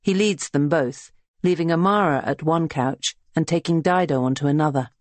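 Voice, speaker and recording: A narrator reads a historical novel aloud in a steady, even storytelling manner. The voice sits at a middle pitch. The recording is dry and close. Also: moderate pace, no echo. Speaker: audiobook narrator. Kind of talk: scripted narration.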